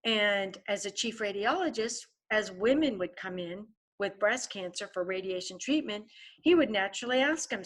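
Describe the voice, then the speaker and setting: A woman's voice: mid-range voice, normal speed. A woman guest author telling a vivid story in a podcast interview, often turning to the host by name.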